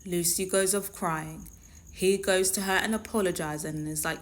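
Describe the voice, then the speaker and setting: A woman speaks in a slightly low voice, hosting her own commentary show. She talks in a conversational, emphatic and opinionated way, pressing her points home. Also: fairly even intonation, normal speed. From London. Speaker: show host. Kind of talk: reality TV commentary.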